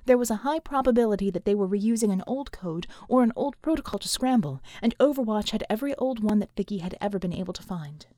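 A woman's voice: medium pitch, animated, fast talker, hardly any pauses, warm tone, dry recording, clean studio sound. Woman narrating an action audiobook. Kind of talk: scripted narration.

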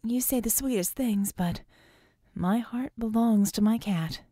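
A woman reading an audiobook, voicing a quick-witted young woman tech hero who jokes nervously and plans fast. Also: on the high side, mellow, dry recording, clean studio sound. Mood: quick joking.

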